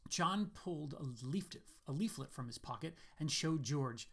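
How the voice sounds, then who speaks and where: A man's voice: fairly high pitch, lively intonation, moderate pace, creaky, few pauses, a bit bright. Man reading his own story aloud. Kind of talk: scripted narration.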